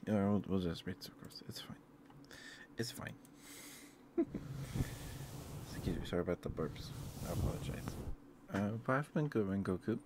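A man streaming ASMR, chatting casually and softly with his viewers in a laid-back, meandering way at his home setup. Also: deep voice, lively intonation, moderate pace, pauses often, background noise.

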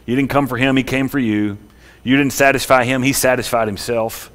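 A man pastor preaching a sermon, swelling loud and high at the peaks and dropping quiet and slow in the tender parts. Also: fairly even intonation. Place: church sanctuary.

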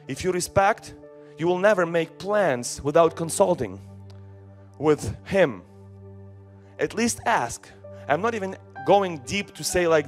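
A man's voice: a little high, animated, unhurried, soft background music. A man preaching a sermon as pastor, asking rhetorical questions and answering them himself, with emphatic repetition. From Slavic.

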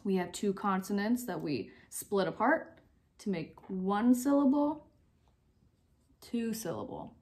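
A young woman teacher giving slow, clear, step-by-step instructions in a phonics lesson for young children. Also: medium pitch, expressive, darkish tone.

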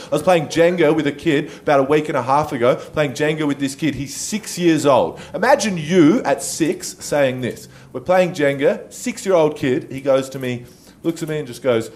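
Animated, swearing Australian comedian man. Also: on the high side, a little fast. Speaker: stand-up comedian. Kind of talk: stand-up comedy. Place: comedy stage.

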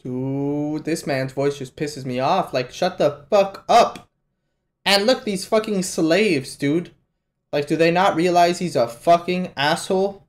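Profane, excitable young man reacting live. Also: on the high side, unhurried, a little hiss or hum. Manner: profane, excitable, yells at the screen. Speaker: reaction channel host. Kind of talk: live anime reaction commentary.

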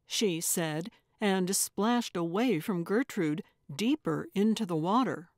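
A woman narrating a cozy mystery audiobook in a measured, storytelling manner. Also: mid-range voice, expressive, darkish tone, dry recording, studio quality. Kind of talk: scripted narration.

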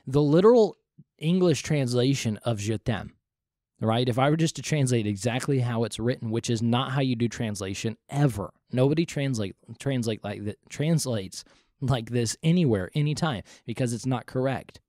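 A man's voice: mid-range voice, moderate pace, warm tone, no room sound, clean studio sound. Earnest man explaining Bible teaching. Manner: earnest, repeats points for emphasis. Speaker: podcast host.

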